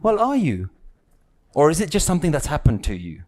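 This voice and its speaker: On the high side and a little fast, this man's darkish voice swings hugely in pitch. He teaches spirituality to a live audience casually and teasingly, checking in often with "yeah?" and "right?".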